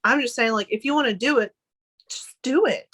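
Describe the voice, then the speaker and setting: A woman's voice: on the high side, fairly quick, a bit bright, husky. A young woman from Arkansas speaks as a guest on a podcast. Her delivery is earnest and conversational, dotted with casual fillers as she makes her points. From Arkansas, United States.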